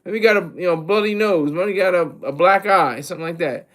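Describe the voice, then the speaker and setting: High-voiced man rambling on a livestream. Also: fairly quick. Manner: energetic and rambling, with restarts and asides to chat. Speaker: livestream host. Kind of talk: casual livestream commentary.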